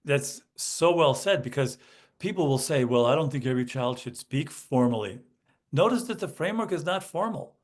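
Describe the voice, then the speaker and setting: A man, a guest educational consultant on a podcast, explaining speaking skills and acting out examples with lively emphasis. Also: fairly high pitch, normal speed. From United States. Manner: animated, demonstrates emphasis by acting out student lines. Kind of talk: podcast interview.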